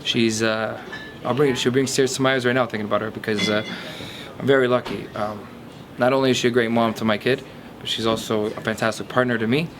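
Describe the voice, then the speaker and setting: A man in his twenties from a Portuguese family background talks quickly and candidly in a documentary interview. He rambles and restarts his sentences often. Faint background noise sits behind his voice. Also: medium pitch, steady tone. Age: 20s. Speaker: comedian being interviewed.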